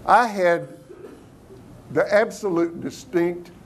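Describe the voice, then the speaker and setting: A man giving a motivational business talk to a live audience, lively and engaging, often putting questions to the room. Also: high-pitched, takes it slowly. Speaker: keynote business speaker.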